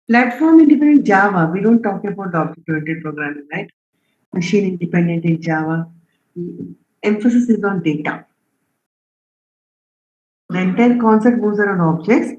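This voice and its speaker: A programming instructor with a medium-pitched, darkish voice teaches a live online class. He poses quiz questions, reads students' responses aloud, and repeatedly checks in with "okay?" and "right?", the stream sounding roomy, dull and lo-fi.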